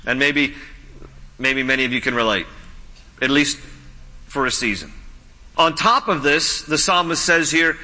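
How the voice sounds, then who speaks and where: A man's voice: medium pitch, unhurried, pauses often, pushed and bright, in a large hall. A man preaching a sermon as a pastor, earnest and conversational, often repeating his points. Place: church sanctuary.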